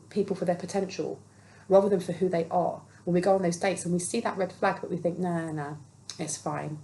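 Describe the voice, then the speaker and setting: A woman's voice: medium pitch, mellow, slight background noise, rough recording. A woman talking earnestly and reassuringly through a spiritual tarot reading, now and then acting out quoted voices. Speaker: tarot reader.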